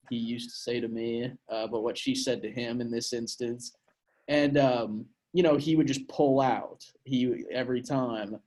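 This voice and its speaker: A man's voice: mid-range voice, darkish tone. A young man from Portland, Oregon, co-hosting a podcast and telling a crude story in a rambling way, with lots of fillers. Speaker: podcast co-host. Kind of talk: casual storytelling chat.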